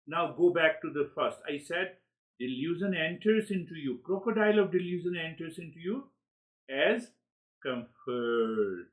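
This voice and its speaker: A man giving a spiritual lecture, animated, who acts out inner dialogues and often repeats words as he searches for the next one. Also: on the high side, slow, pauses often, rough recording. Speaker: spiritual teacher.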